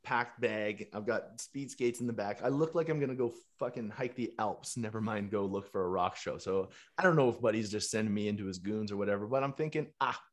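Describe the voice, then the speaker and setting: Lively man telling a story. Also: fairly low pitch, brisk, hardly any pauses. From Canada. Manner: animated, laughing, swears freely. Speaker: musician and fitness coach. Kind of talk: casual storytelling monologue.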